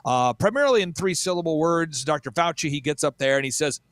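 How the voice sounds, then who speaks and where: A man talking as a guest in animated, mocking storytelling, energetic and full of quick asides. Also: on the high side, no echo. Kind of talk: animated storytelling in casual chat.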